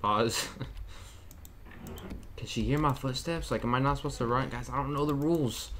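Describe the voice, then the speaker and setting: A man's voice: medium pitch, a little slow, fairly bright tone, a little hiss or hum. A young man nervously commenting to viewers while playing a horror game. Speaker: gaming streamer. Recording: keyboard and mouse clicks behind the voice.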